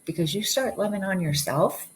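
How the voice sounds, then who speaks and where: A woman's voice: mid-range voice, animated, moderate pace, slight background noise, poor audio. A woman giving an earnest, encouraging spiritual talk in a casual way, often repeating her words. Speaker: hypnosis practitioner.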